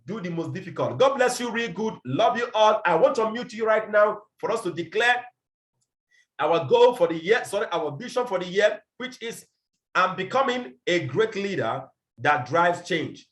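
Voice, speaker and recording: A man leading his business team in a forceful motivational talk, repeating his points and firing rhetorical questions over a video call. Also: high voice, lively intonation, moderate pace, reverberant. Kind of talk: motivational address to an online team meeting.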